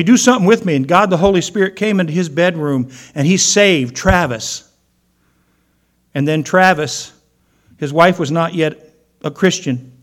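A man preaching a sermon, telling stories and acting out the people in them. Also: on the high side. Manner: storytelling, acting out quoted voices. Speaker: pastor.

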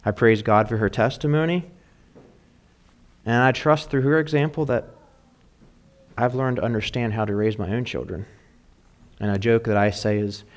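A man's voice: mid-range voice, steady tone, moderate pace, pauses often. A man preaching as a pastor, with an earnest and encouraging manner. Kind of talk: sermon.

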